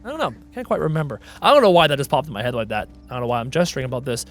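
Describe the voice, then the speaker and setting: A man's voice: medium pitch, expressive, racing, faint music behind. A man giving casual, playful let's-play commentary, chatty and full of puns, laughing at his own jokes. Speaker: gaming video host.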